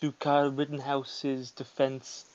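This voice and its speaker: A man doing an impression of a boastful older politician over a call, halting and breaking into laughs. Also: mid-range voice, monotone, a little mellow, no echo, close to an everyday voice. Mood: bragging. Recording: dull call audio.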